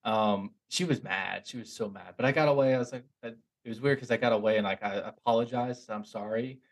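Husky young man telling a rambling story. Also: medium pitch, quick pace. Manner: animated, rambling, self-mocking, with frequent restarts. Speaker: podcast host. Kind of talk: casual storytelling monologue.

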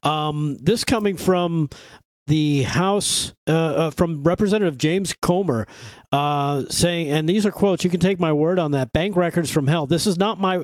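Higher-voiced male co-host, dry sound. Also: measured pace, no room sound. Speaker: news co-host. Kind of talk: casual chat.

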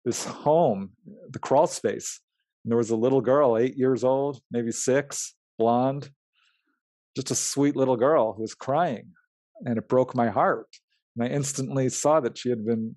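This mid-range male voice comes from a dry recording. As an interview guest, the UFO researcher and writer recounts his experiences in lively fashion, performing the quoted dialogue and laughing along.

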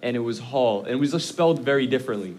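A man's voice: mid-range voice, animated, quick pace, a little mellow. A man in a casual chat, explaining things in a matter-of-fact way. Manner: explains comic lore matter-of-factly.

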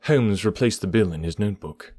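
A man narrating an audiobook chapter in a steady, even storytelling manner. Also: fairly low pitch, a little fast, no room sound. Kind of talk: scripted narration.

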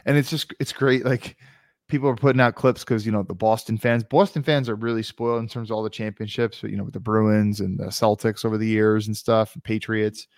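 A man's voice: lowish voice, fairly even intonation, fairly quick, a little mellow, no echo, clean studio sound. A man co-hosting a sports podcast in casual chat, arguing his points at length. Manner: argumentative, explains at length. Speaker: podcast co-host.

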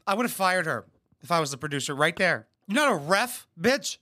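Sarcastic, foul-mouthed man with bright voice. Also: sits high, very animated, a little fast. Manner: crude, sarcastic, mocking asides. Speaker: reaction video host. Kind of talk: profane reaction commentary.

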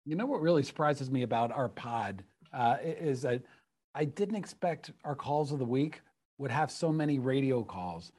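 A man's voice: mid-range voice, moderate pace. Easygoing male podcast co-host. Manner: relaxed, stumbling over repeated words. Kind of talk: casual podcast chat.

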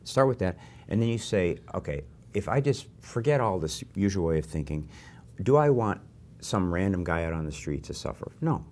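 An older man hosting a conversation, telling animated, self-deprecating anecdotes. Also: low-pitched, moderate pace. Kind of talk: conversational interview.

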